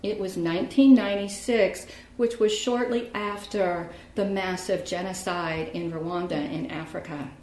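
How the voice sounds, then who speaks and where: A woman narrating a true story in a measured, grave way, often dropping low at the end of phrases. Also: steady tone, a little mellow. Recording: roomy echo.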